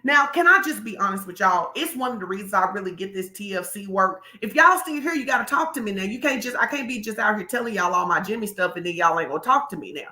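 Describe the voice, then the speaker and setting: Bright, animated woman preaching in an echoey room. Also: medium pitch, fast, few pauses. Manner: animated, colloquial, addresses the crowd directly. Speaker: pastor. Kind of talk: sermon-style motivational talk.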